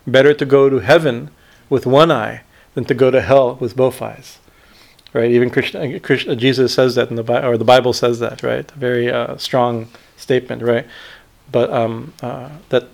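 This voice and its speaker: A man teaching scripture in a spiritual discourse, retelling a story with many pauses and fillers and checking in with "right?". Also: medium pitch, steady tone, creaky. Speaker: swami teacher.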